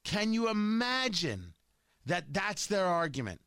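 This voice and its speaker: A man hosting an opinion show, talking loud, combative and mocking. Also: high-pitched, big pitch swings, moderate pace, no room sound, clean studio sound. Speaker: talk radio host. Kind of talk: opinion monologue.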